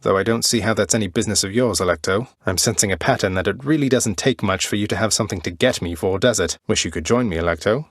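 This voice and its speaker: Wry, good-natured young underworld prince, lowish voice, dry studio sound. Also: male voice, fast, few pauses, dry recording. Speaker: video game protagonist. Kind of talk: game voice lines.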